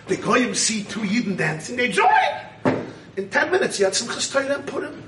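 A man preaching a Hasidic sermon and telling a story, swinging between fervent shouting and hushed tones. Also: very high voice, very animated, brisk, a little hiss or hum. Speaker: rabbi teaching a congregation. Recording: echoey room, voice from a distance.

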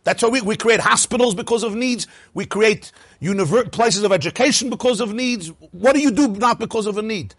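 A man teaching a lively Torah class, asking rhetorical questions and chuckling at his own points. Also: high voice, a little fast, slightly rough, no echo.

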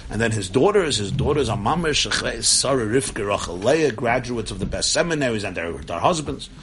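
A man tells a story to listeners. He is animated and acts out the people he quotes. Faint ambience sits behind him. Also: lowish voice, a little hiss or hum. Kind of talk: storytelling talk.

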